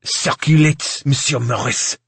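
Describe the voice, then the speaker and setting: A man's voice: medium pitch, unhurried, creaky, husky, dry recording, voice pushed up, exaggerated voice. A man voicing a stern male maitre d' with an exaggerated, overdone French accent and clipped, haughty commands.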